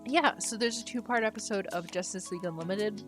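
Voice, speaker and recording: This is a woman talking casually on a live stream, at an ordinary pitch. She is enthusiastic and laughs easily. Faint music plays behind her. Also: fairly quick, a bit bright.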